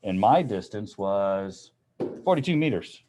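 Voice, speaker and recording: A middle-aged man with a fairly low voice lectures a class in a classroom. He explains problems in a relaxed, conversational way, with plenty of fillers. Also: unhurried, faint music behind. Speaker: physics teacher.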